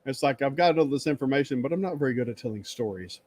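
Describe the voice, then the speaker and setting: Male livestream host, mid pitch, rambling storyteller who laughs a lot and acts out greetings, webcam sound. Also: lively intonation, fast talker, darkish tone. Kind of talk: casual chat. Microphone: webcam stream setup.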